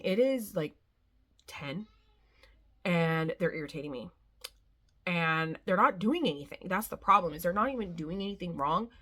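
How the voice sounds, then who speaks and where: Weary, chatty young mom vlogger. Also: female voice, on the low side, fairly bright tone. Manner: rambling, frank, slightly weary. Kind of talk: casual chat.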